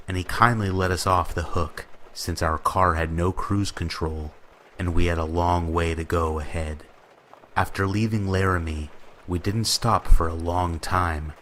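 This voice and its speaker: Deep voiced guy reading scary stories, steady, faint rain behind. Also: a little hiss or hum. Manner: steady storytelling read. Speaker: horror story narrator. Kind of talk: scripted horror narration. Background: rain ambience.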